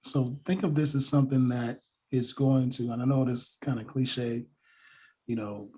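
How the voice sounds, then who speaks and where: A man speaking in a podcast conversation, thoughtful and halting, with a husky voice. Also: mid-range voice, dark tone. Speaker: guest, NICU parent.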